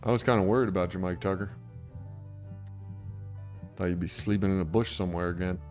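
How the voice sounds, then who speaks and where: A man's voice: low-pitched, fairly even intonation, fairly quick, darkish tone, faint music behind. A man hosting a casual livestream, chatting in a rambling, laid-back way and answering viewers' comments. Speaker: livestream host. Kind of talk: casual livestream chat about sobriety.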